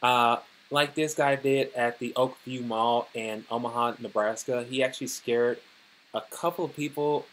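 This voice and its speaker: A man's voice: mid-range voice, fairly even intonation, normal speed, a bit bright, a little hiss or hum. Rambling man vlogging about the news. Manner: rambling, heavy on "you know" and "like" fillers. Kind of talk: casual news commentary vlog.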